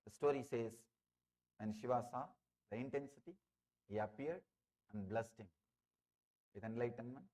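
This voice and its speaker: A man's voice: medium pitch, normal speed, long pauses, darkish tone. A man with an Indian English accent giving a spiritual discourse, telling parables and repeating phrases for emphasis. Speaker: spiritual teacher.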